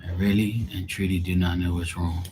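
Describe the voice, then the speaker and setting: Deep-voiced male streamer, rambling, exasperated, foul-mouthed, faint hiss behind. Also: flat delivery, fairly quick, warm tone. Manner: rambling, exasperated, swears freely. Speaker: live tarot reader. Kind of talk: casual live-stream chat.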